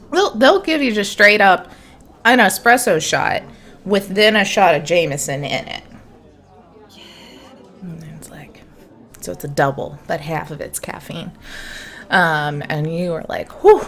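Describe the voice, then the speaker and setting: A woman's voice: fairly low pitch, slow, pauses often, a bit bright. A woman narrating a tabletop game as game master, playful and laughing as she corrects herself.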